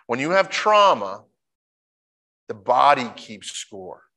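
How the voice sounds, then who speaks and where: A man giving a conversational sermon. He moves from quiet, slow emphasis to bursts of high, excited mimicry when he acts out a story. His voice sits at an average pitch. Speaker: preacher.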